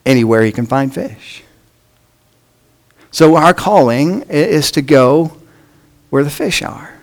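A man preaching a sermon, with measured phrasing that drops off at the ends of lines. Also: on the high side, expressive, low-quality recording. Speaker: pastor.

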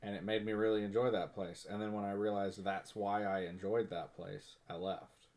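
A man's voice: fairly low pitch, little pitch movement, moderate pace, darkish tone. Dry, joking young man. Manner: dry, self-deprecating, boastful in jest. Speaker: podcast co-host, family member. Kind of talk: casual family chat.

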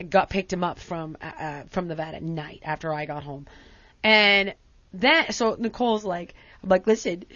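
A woman's voice: lowish voice, no echo, dull audio. A woman casually chatting on a talk show, telling a story dramatically and acting out what people said. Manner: animated, dramatic retelling with acted-out quotes.

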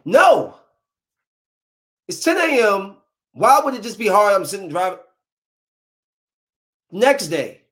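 A man's voice: high-pitched, big pitch swings, takes it slowly, long pauses, a bit bright. A young adult man delivering a comic monologue, full of incredulous rhetorical questions. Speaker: comedian. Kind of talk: stand-up style comic monologue.

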